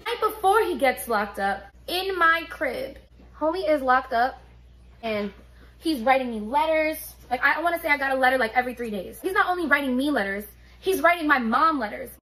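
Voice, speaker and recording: A woman, telling a story on her vlog in an animated, profane, streetwise way. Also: high voice, normal speed, low-quality recording. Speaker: beauty vlogger.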